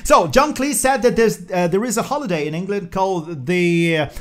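A man co-hosting a casual chat, telling anecdotes in an animated way and laughing often. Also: high voice, moderate pace. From Brazil. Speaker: podcast co-host. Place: Brazil.

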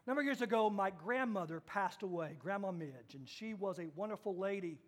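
A man from Kansas preaching a sermon as pastor, telling a story and acting out the voices in it, moving from hushed to loud. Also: high voice, lively intonation, fairly quick. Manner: storytelling with acted-out quotes, swings from hushed to loud.

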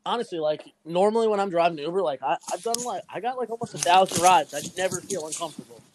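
A man's voice: high voice, fast talker, slight background noise, rough recording. A man telling a rambling, profane story in casual chat, packing his talk with "like" and laughing often. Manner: fillers "like" constantly.

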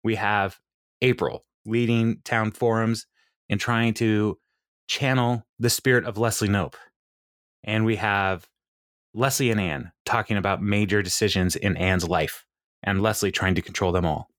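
Chatty man hosting a podcast, low voice. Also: fairly even intonation, a little slow, a bit bright, no room sound, studio quality. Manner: chatty and rambling, laughs often. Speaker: podcast co-host. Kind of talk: casual chat.

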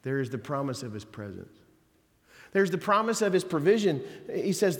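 A man's voice: on the high side, very animated, normal speed. Man preaching in a reverberant church. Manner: conversational preaching with folksy asides and emphatic quotes. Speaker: pastor. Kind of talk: sermon. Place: church sanctuary.

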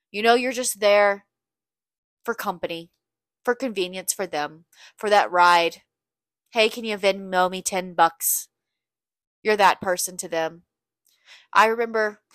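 A woman's voice: mid-range voice, a bit bright, dry recording, clean studio sound. A young woman hosting a podcast, talking in a blunt, candid, profane confessional monologue. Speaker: podcast host.

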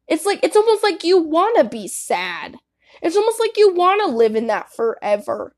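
A woman's voice: fairly high pitch, sing-song, moderate pace. A young woman giving candid, casual advice to her viewers, swearing freely and saying "like" a lot. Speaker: vlogger.

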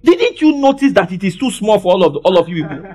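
High-voiced and sing-song, a pastor preaches fast, swinging from soft asides to loud declarations. He calls on the congregation to respond.

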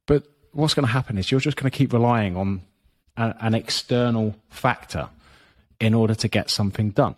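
A man's voice: lowish voice, normal speed. A man with a blunt, profane way of talking, a fitness business coach speaking as a podcast guest. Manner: blunt and profane, frequent you-knows. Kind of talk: podcast interview, motivational talk.

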